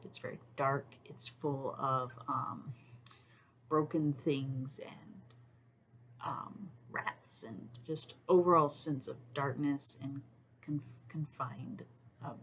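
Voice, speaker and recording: A woman's voice: deep voice, a little hiss or hum. A woman hosting a casual talk to camera, thoughtful with many "um"s, sometimes dropping to a near-whisper. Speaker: YouTube host.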